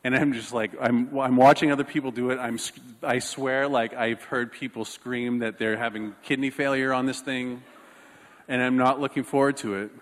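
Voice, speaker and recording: A man preaching a sermon, telling a personal story in an animated, self-mocking way. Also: mid-range voice, moderate pace, long reverb tail. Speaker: pastor.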